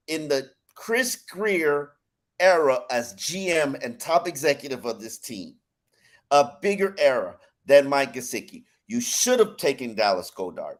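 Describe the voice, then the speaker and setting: A man on a sports podcast ranting in an exasperated way, repeating words as he gets worked up. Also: a little high. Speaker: podcast columnist. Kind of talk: heated sports podcast rant.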